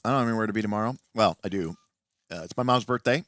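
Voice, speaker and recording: A man hosting a late-night livestream and explaining tabletop game rules as a game master, animated and often restarting his sentences. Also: lowish voice, racing, no echo.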